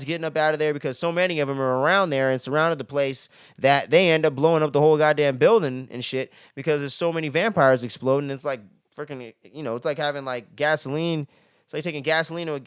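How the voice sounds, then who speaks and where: A man's voice: a little high, smooth, dry recording, clean studio sound. A man giving a casual spoiler movie review, slangy and profane, who keeps ending his sentences with "man.". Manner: slangy and profane, ends many phrases with "man".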